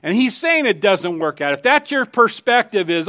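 A man's voice: high-pitched, very animated, normal speed, pushed and bright. A middle-aged man preaching a sermon, conversational and emphatic, telling personal stories. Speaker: pastor.

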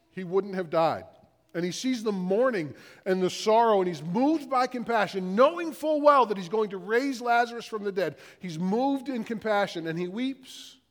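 Male pastor, middle-aged, raised voice, slow stacked rhetorical questions, long hall reverb. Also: sits high. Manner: questions repeated in a slow, building list. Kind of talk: sermon.

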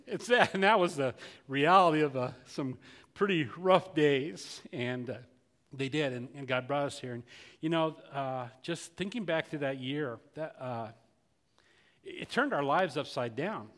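A man's voice: fairly high pitch, measured pace, a bit bright, long reverb tail. An older man, a pastor, telling a story in a folksy, conversational sermon with many restarts.

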